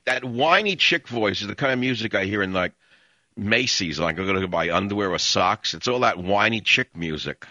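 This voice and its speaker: Ranting talk radio host, very bright. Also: male voice, lowish voice, expressive, normal speed, no echo. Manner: ranting, sarcastic, interrupting. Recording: dull lo-fi broadcast audio.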